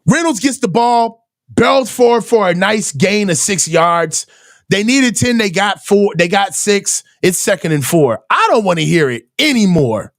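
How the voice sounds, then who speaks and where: A man hosting a live football reaction stream, ranting in exasperation with heavy slang and frequent shouting. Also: high voice, expressive, measured pace. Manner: shouts often in frustration. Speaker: sports reaction host. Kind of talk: live game reaction commentary.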